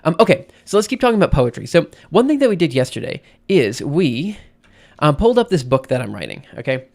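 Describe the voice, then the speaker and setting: A man's voice: on the high side, very animated, a little fast, gravelly, darkish tone. A man live-streaming in casual chat, rambling and self-interrupting, often checking in with "right?" between thoughts.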